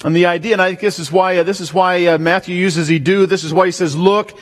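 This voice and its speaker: A man's voice: sits high, fairly even intonation, fast talker, few pauses. Emphatic male preacher in a reverberant hall. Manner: emphatic, rising to near-shouts on key words. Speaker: pastor. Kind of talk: sermon.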